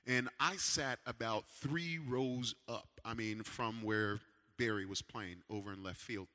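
A man preaching a sermon with a personal story, animated, swinging from loud calls to hushed asides. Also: mid-range voice, unhurried, in a large hall. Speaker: pastor.

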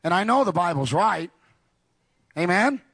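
Gravelly, fervent preacher man. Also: sits high, very animated, unhurried, no echo. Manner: builds to shouted, fervent climaxes; call-and-response with congregation. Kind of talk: sermon.

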